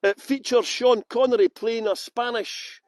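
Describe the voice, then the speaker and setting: A Scottish man with a high, bright-pitched voice, chatting away in a loose, rambling, self-mocking manner. He is a tour guide greeting his viewers one by one while outdoors in a garden. The sound is close and dry, with no room echo. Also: fairly even intonation, measured pace. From Scotland. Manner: rambling, self-mocking banter, laughs often. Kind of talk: chatty live-stream greetings before a tour.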